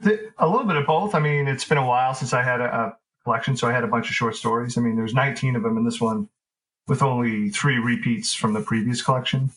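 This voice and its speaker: A man talks casually with a mid-range voice, circling his points with plenty of fillers and self-corrections. He keeps a loose, easygoing conversational flow, pitched in an ordinary register. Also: quick pace, poor audio. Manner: relaxed, rambling, many fillers and restarts. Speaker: author guest.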